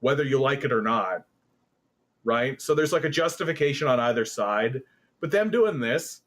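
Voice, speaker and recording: A man from Canada talks through politics in a loose, rambling way, piling up fillers and restarts. He breaks into sarcastic jeers and curses now and then. His pitch sits in a middle range for a man. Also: a bit bright. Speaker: political commentary host. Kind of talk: casual political commentary.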